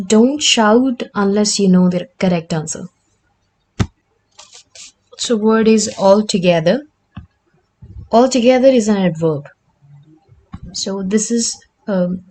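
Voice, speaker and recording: A woman's voice: mid-range voice, darkish tone. A woman, teaching the meaning and pronunciation of word pairs and checking in often with "right?". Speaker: English teacher. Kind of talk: explanatory vocabulary lesson.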